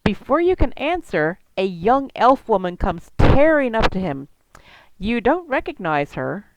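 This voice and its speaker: A woman's voice: a little high, sing-song, unhurried, background noise. A woman narrating a tabletop game as game master, descriptive and chatty, laughing easily.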